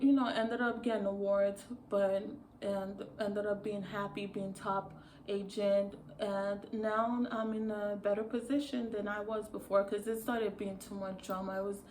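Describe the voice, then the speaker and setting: A woman's voice: mid-range voice, a little mellow, reverberant, slight background noise. A woman talking casually to camera as a vlogger, rambling and restarting with many fillers.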